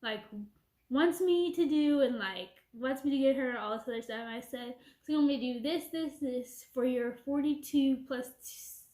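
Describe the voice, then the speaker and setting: A young woman rants through a casual storytime, replaying a conversation line by line. Her voice sits high and bright in pitch, and the room rings around her with a noticeable echo. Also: moderate pace. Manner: animated retelling with quoted back-and-forth. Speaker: vlogger. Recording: echoey room.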